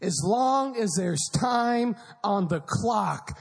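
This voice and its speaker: A man preaching a sermon, telling a story and often shouting with passion. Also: sits high, animated, takes it slowly, gravelly, hardly any pauses, breathy edge. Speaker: pastor. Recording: echoey hall.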